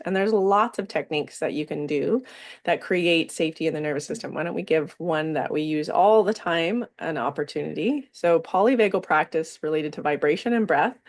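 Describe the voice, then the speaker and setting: A woman with a voice on the low side leads a somatic wellness workshop, explaining things calmly. She stretches out certain words and leaves pauses between phrases.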